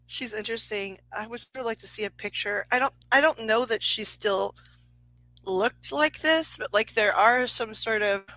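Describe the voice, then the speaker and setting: Chatty, bright-voiced woman psychic. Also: fairly high pitch, normal speed, no echo, poor audio. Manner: chatty, laughs often, swears freely. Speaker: psychic medium giving a live reading. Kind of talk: casual livestream storytelling.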